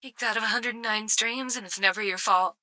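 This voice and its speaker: A woman's voice: mid-range voice, steady tone, brisk, bright, forceful tone, dry recording. A woman live-streaming casual commentary, sarcastic and swearing freely with mock outrage.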